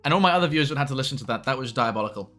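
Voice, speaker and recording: A young man chatting casually on a live stream, with quick asides to his chat. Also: medium pitch, expressive, a bit bright, faint music behind.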